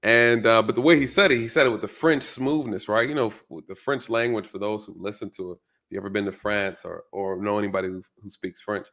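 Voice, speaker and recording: A man's voice: on the low side, fairly quick, few pauses, a bit bright. A male channel host giving a casual, reflective commentary monologue, often repeating his phrases and checking in with "right?".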